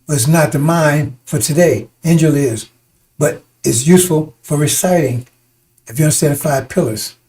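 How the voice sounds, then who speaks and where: A man's voice: a little high, normal speed, a little mellow, slightly rough, rough recording. A man preaching in a combative, rambling way, often breaking off to ask "see?". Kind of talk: fiery preaching broadcast.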